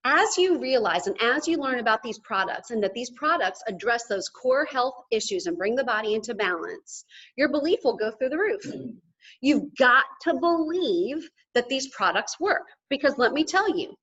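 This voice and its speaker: A woman giving an energetic motivational talk to a live audience, emphatic and often checking in with "okay?". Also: a little high, moderate pace, husky, highs cut off. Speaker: motivational speaker at a sales event.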